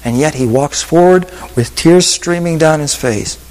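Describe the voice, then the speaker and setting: A male pastor preaching a sermon with an altar call, telling stories in a voice that drops to hushed whispers and rises to emphatic peaks. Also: fairly high pitch, unhurried, big-room sound, poor audio.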